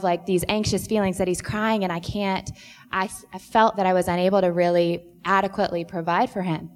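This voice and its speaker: Woman, counselor, earnest and reflective storyteller, reverberant hall. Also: mid-range voice. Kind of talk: sharing a personal story in a church panel.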